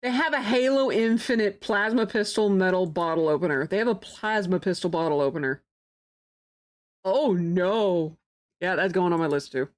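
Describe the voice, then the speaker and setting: A woman streamer giving casual gameplay commentary, excitable and quick to laugh, with drawn-out exclamations. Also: on the low side.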